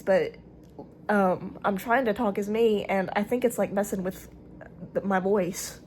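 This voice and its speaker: A woman's voice: mid-range voice, normal speed, darkish tone, a little hiss or hum. A woman with a Southern US accent talking straight to her own camera in a casual, rambling monologue, hesitant and full of restarts and fillers. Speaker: vlogger speaking to camera. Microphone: camera recording herself.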